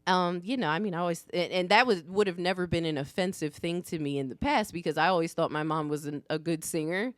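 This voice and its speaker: A woman from New Jersey chats on a podcast with a slightly low voice. She tells stories animatedly, laughs often, and slips into quoted voices. The sound is dry and close. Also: fast, few pauses, dry recording. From United States (New Jersey). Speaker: podcast co-host. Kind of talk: casual chat.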